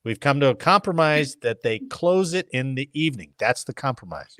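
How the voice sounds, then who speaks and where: A man hosting a casual podcast, reading news articles aloud and riffing on them with jokes and quick put-on voices. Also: mid-range voice, lively intonation, a bit bright, no room sound. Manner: jokey, reads articles then riffs with funny voices.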